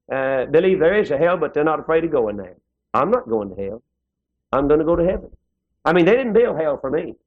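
Gravelly preacher, old lo-fi tape. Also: male voice. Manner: folksy preaching with sudden pitch swings. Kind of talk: sermon. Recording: dull lo-fi old sermon tape.

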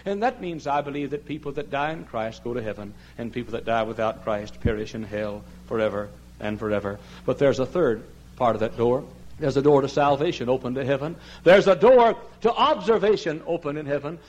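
An older man preaching a sermon, swinging from soft pleading to loud impassioned cries, sometimes drifting off the mic. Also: mid-range voice, fairly quick. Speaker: pastor. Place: large church sanctuary.

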